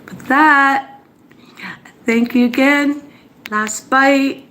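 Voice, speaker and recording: A teary woman, chatting slowly and haltingly on her livestream, with many fillers and apologies. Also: high-pitched, fairly even intonation, sharp tone, slight background noise. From Montreal, Canada. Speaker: channel host on a livestream. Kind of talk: casual livestream chat, reading viewer comments.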